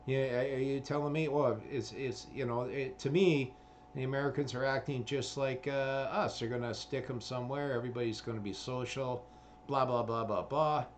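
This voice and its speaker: A man's voice: medium pitch, steady tone, normal speed, slight background noise. A man, ranting in a rambling commentary full of swearing and fillers. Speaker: vlogger.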